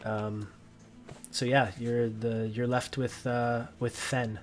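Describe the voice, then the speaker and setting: A man's voice: mid-range voice, level tone, slow. A man narrating as game master of a tabletop game, rambling with many restarts and fillers.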